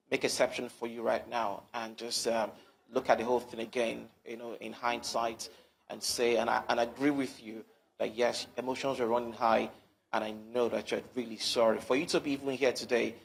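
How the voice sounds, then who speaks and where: Gravelly, flat-voiced male journalist. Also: mid-range voice, a little hiss or hum. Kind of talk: live TV interview.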